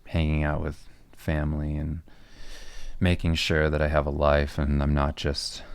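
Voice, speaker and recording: A man with a very low, gravelly voice that barely moves in pitch talks casually on a livestream, answering viewer questions about his art. He rambles in a relaxed way, full of fillers and restarts, and his voice sounds close and dry. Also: measured pace, no room sound. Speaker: comic artist and podcast co-host.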